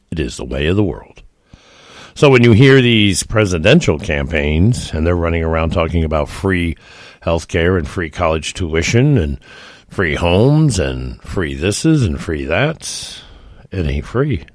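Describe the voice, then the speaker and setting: Man, deep voice, folksy opinionated podcast commentator, emphatic, dry recording. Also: no echo. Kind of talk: opinionated solo monologue.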